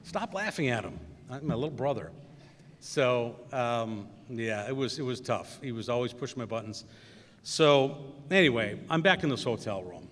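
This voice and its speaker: A man's voice: mid-range voice, expressive, moderate pace, a bit bright, slight background noise. Middle-aged man, commencement speaker, loose anecdotal delivery, long hall reverb. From Wisconsin. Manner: storytelling with many fillers and acted quotes. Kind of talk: anecdotal speech. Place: large hall.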